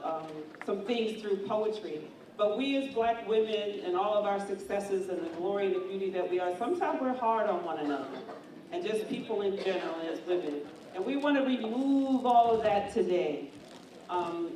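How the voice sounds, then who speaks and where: A woman's voice: fairly low pitch, a little mellow. A woman hosting an event, speaking from the heart to an audience, emotional, with fillers. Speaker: event host. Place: large event hall. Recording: echoey hall from far off, faint noise.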